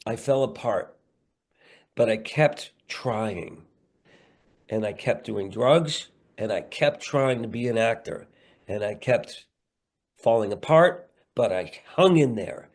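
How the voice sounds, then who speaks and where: Guesting on a podcast through a video call, a middle-aged comic actor gives a candid interview. His mid-range voice has lively intonation and a slow pace as he rambles earnestly, sprinkling in playful asides.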